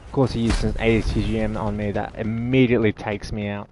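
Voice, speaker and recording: A man's voice: fairly low pitch, flat delivery, fast talker, hardly any pauses, background noise. An Australian man giving rambling, sarcastic live commentary while playing a video game, easily exasperated. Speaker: gaming channel host.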